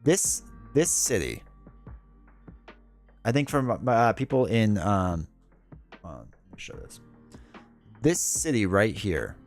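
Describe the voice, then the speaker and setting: A man's voice: fairly low pitch, sing-song, slow, pauses often, faint music behind. A man chatting casually with viewers on a livestream, rambling through stories and laughing often. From United States. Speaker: streamer.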